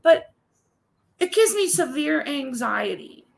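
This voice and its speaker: A woman's voice: high-pitched, big pitch swings, takes it slowly, vocal fry, rough recording. A woman co-hosting a casual chat, telling an exasperated, ranting story. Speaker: co-host.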